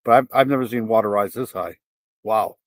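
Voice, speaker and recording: A man's voice: on the low side, fairly quick, no echo. A man hosts a live reaction stream and keeps breaking into exclamations and the odd curse. He lets out nervous laughs between remarks. His voice sits close and dry, with no room sound around it.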